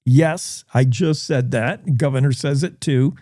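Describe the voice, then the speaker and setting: A man's voice: a little high, mellow, no echo, clean studio sound. A male radio host reading the news and history notes in a casual, rambling way, stopping to comment on what he reads. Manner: slow, rambling, self-interrupting reads with asides.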